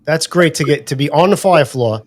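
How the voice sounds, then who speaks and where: A male podcast host with a slightly raised pitch speaks into a dry, close microphone. He chimes in eagerly and echoes back his guest's stories with plenty of short affirmations. His tone stays casual and conversational. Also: animated, normal speed. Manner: enthusiastic listener, frequent short affirmations. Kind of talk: casual interview chat.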